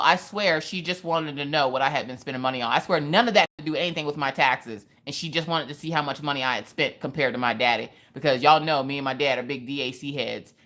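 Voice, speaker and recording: A young woman with a low voice tells a story to her livestream viewers in a loose, chatty way. She acts out each person's lines and drops in Southern slang. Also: a bit bright. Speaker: craft livestream host.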